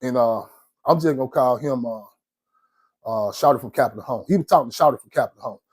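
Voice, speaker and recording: A man from Georgia with an Atlanta accent telling prison stories in a casual, slangy, animated way. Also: medium pitch, fast, slightly rough, no room sound. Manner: animated, slangy, laughs often between lines. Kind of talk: casual storytelling.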